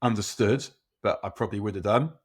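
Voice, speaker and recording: A man's voice: on the low side, brisk, breathy edge. A man co-hosting a football podcast, talking in a rambling, self-mocking way with many restarts. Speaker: podcast co-host. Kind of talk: casual football chat.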